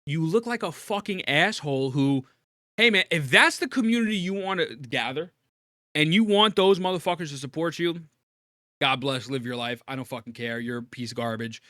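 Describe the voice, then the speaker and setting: A man hosting a stream, reacting in heated commentary with profane ranting that climbs toward shouting. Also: fairly high pitch, animated, normal speed, no echo, studio quality. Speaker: streamer host.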